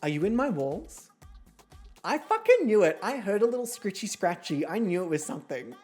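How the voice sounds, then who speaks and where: A woman's voice: lowish voice, lively intonation, brisk, mellow, soft background music. A woman streamer giving casual gameplay commentary from home, with sarcastic, profane, theatrical rants. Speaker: gaming streamer.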